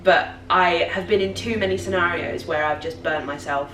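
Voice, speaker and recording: A woman's voice: on the low side, normal speed, a bit bright. A young woman in casual conversation, talking reflectively and agreeably. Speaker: co-host. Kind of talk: casual morning chat. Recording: roomy, distant mic, faint hiss.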